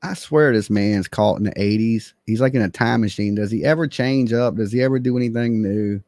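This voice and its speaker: A man's voice: lowish voice, a little fast, a little mellow, no room sound, clean studio sound. A man hosting a true crime livestream, ranting in a profane, mocking and combative way.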